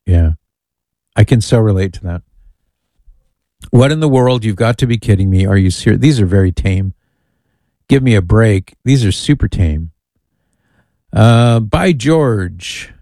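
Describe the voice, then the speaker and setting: Low, mellow-voiced male radio host. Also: a little slow, long pauses, no room sound. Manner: chatty, amused, reads listener emails aloud. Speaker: radio talk show host. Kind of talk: casual call-in radio chat.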